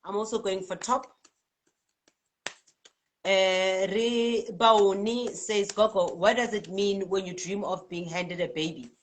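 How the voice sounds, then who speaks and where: A South African woman hosting a live spiritual card-reading stream, reading out viewers' comments in a lively, chatty way and laughing often. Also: medium pitch, takes it slowly, slight background noise. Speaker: spiritual healer and card reader.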